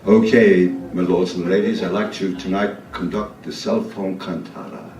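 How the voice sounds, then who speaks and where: A man's voice: low-pitched, steady tone, normal speed, a little mellow. A man in his seventies doing a profane, rambling comic monologue on a live club stage, full of restarts. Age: 70s. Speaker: performance artist. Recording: roomy live club sound, distant mic.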